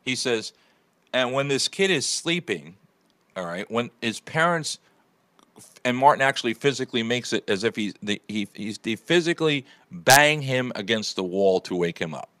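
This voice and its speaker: A man's voice: medium pitch, expressive, fairly bright tone, dry recording. A man hosting an internet radio morning show, telling a rambling story in casual chat. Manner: fast, rambling storytelling with restarts.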